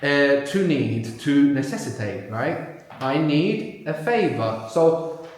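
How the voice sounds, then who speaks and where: A man's voice: fairly high pitch, very animated, takes it slowly. Guy teaching a live language workshop, patient, keeps quizzing the room, super echoey hall. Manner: patient, quizzes learners and repeats words back.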